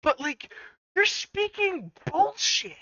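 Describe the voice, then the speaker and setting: A woman's voice: extremely high pitch, lively intonation, slow pace, pushed and bright, no room sound, exaggerated voice. A woman voicing a blunt, hot-tempered male fighter who rants and swears constantly. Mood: angry ranting. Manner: profane ranting. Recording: dry, dull lo-fi audio.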